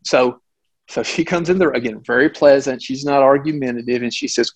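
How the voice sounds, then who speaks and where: A man's voice: mid-range voice, fairly quick, lo-fi sound. Middle-aged male doctor telling a case story. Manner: animated, with frequent restarts and asides. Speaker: physician guest. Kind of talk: conversational storytelling.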